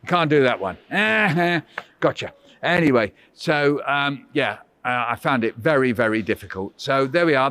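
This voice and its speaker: Over a video call, a man runs a school workshop for kids, spinning playful stories and teasing them with theatrical, mock-huffy grumbling. His voice is medium-pitched with a fairly bright tone, and there's no room sound.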